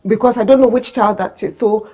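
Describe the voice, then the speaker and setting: A middle-aged woman from Africa, an author and children's educator, explaining reading tips on a talk show in an animated, demonstrative way. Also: a little high, brisk, slightly rough.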